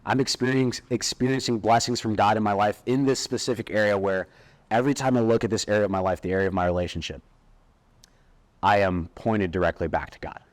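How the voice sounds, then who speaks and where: A young man giving a personal testimony speech at a live event, earnest and emotional, with dramatic pauses. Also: on the low side, steady tone. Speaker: speaker at an event. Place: large hall at a live event. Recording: echoey hall with background noise.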